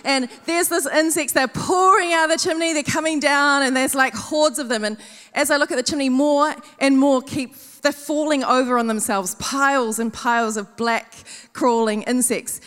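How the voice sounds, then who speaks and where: Nz woman preaching, high voice, lively storytelling, big echoey hall. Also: moderate pace. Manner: animated, self-mocking storytelling with acted-out quotes. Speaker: conference speaker. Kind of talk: storytelling sermon.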